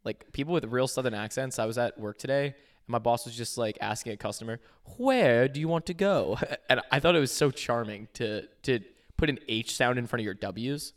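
A man's voice: mid-range voice, a little fast, few pauses, a bit bright. Young man rambling on a podcast. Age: young adult. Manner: rambling, many restarts and fillers. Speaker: podcast co-host. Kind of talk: casual chat.

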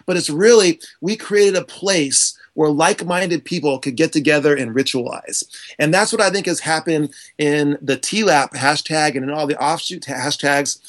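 A man speaks with fierce conviction, leaning hard on his key points. His voice sits a little high for a man. He gestures as he talks, and it carries into his delivery. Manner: passionate, emphatic, gesturing while talking. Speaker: guest, author and speaker on teaching. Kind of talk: animated podcast conversation.

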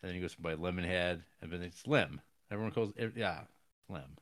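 A man co-hosting a podcast, chiming in with short replies and halting restarts. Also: sits low, a bit bright, dry recording, clean studio sound. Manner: brief interjections, hesitant restarts. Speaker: podcast co-host. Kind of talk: casual chat.

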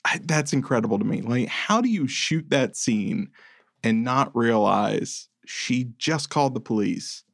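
A man's voice: mid-range voice, lively intonation, a little slow, gravelly, no room sound. A man co-hosting a casual movie review podcast, dry, incredulous and sarcastic. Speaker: podcast co-host.

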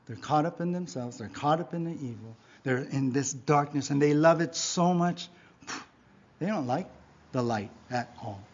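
A man's voice: moderate pace, a little hiss or hum. Emphatic preaching man, dull lo-fi sound. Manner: emphatic preaching, frequent rhetorical "right?" and "yeah?"; swings between loud exhortation and quiet low asides. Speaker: pastor. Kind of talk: sermon. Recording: dull lo-fi recording.

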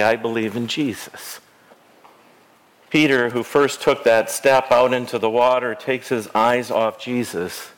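Male pastor, slow unhurried storytelling sermon. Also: mid-range voice, fairly bright tone. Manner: slow, storytelling preaching with dramatic pauses. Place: church sanctuary.

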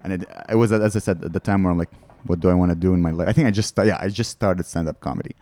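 Man, comedian guest, low voice, dry studio sound, rambling stories. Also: racing, mellow, no echo. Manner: candid, rambling storyteller. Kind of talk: casual podcast chat.

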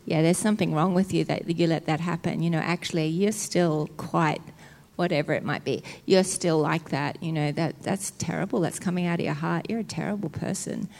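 A woman putting on a low, sly, accusing devil. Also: steady tone, moderate pace, creaky. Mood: sneering, accusing. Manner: low, hushed, condemning. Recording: long hall reverb.

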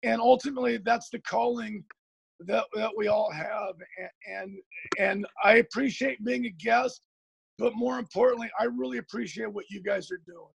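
A middle-aged man from Oregon, a high school football coach, telling stories as a guest in a rambling, earnest way with many repeated words. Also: fairly even intonation, normal speed, creaky, breathy edge, no room sound. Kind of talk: guest storytelling on a podcast.

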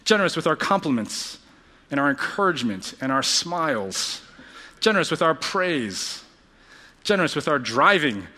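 A man preaching a sermon, telling a story earnestly and dropping to a hushed voice at tender moments. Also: a little high, big pitch swings, moderate pace. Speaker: pastor.

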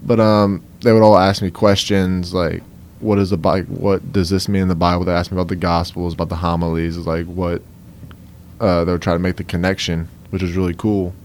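Deep-voiced young Cajun man. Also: little pitch movement, fairly quick, a little mellow, a little hiss or hum. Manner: easygoing, many fillers like "um" and "like". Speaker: guest. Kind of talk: conversational interview.

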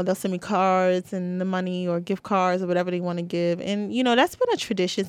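A woman's voice: lowish voice, dry recording. A young woman, hosting a podcast and talking through personal stories in a casual, heartfelt way. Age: 20s. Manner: chatty, heartfelt, with many fillers. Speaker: podcast host.

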